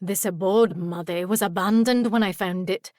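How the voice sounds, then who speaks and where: A woman voicing a feisty, cheeky male pixie with a squeaky voice, a hint of a Scottish accent and a taunting, sing-song way of talking. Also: steady tone, normal speed, a little mellow, no echo, clean studio sound, natural voice. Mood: defiant taunting.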